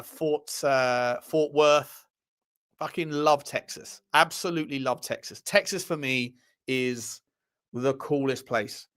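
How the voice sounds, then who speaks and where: A man with an English accent and a rather high voice hosts a live show. He chats loosely with viewers, swears without a second thought and laughs at himself. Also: fairly bright tone. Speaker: host of a live fan show. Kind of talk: casual live-stream chat reacting to viewer messages.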